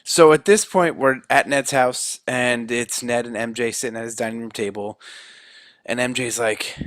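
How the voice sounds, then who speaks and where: A male podcast co-host, medium pitched and a little slow, gives an animated scene-by-scene retelling of a film, acting out the characters' lines in casual conversation. The recording is dry.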